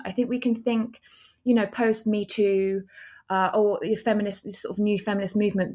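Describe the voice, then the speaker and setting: A woman's voice: medium pitch, a little mellow. A woman, a documentary filmmaker, answering interview questions in an earnest, explanatory way.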